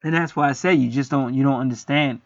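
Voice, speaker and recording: A man's voice: mid-range voice, fast, no echo. A man talking in a rambling, profane, preachy casual monologue as host of a spiritual video. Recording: dry, dull lo-fi sound.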